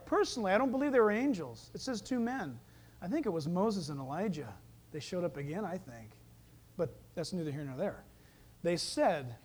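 A male pastor preaching a sermon in an animated way, with joking asides. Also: sits high, normal speed.

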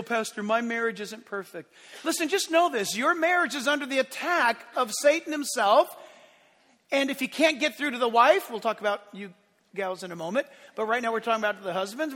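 A male pastor delivers a sermon with a high, bright, forceful voice. He rises into emphatic bursts and drops to quiet asides. The sound carries the long reverb of a church hall.

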